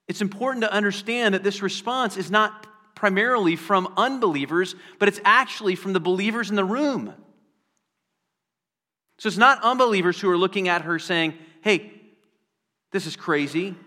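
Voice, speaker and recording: A man delivers a sermon with a high, bright voice that carries through a long-echoing hall. He preaches earnestly, slowing down and repeating key phrases to drive a point home. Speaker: pastor.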